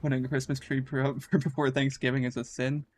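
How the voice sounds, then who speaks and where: Brisk and level in tone, this medium-pitched, darkish male voice belongs to a Canadian gamer streaming and chatting casually. He has a groggy morning sound and rambles in a slangy, relaxed way.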